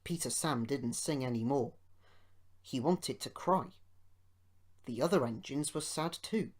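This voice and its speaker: A man reading a children's storybook aloud as an amateur audiobook narrator, in a measured, expressive way. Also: medium pitch.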